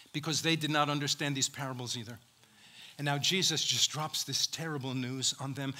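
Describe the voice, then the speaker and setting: A man's voice: a little high, bright, forceful tone. A man preaching a sermon as pastor, emphatic, acting out quoted speech and calling out to the congregation.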